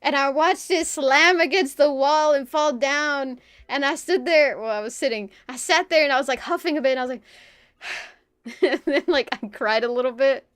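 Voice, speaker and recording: A young woman speaks into a streaming mic in a dry, close sound, her voice sitting a little high. She chats casually with her audience and tells a personal story in an animated way. She swears freely and laughs between her phrases. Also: normal speed, no room sound.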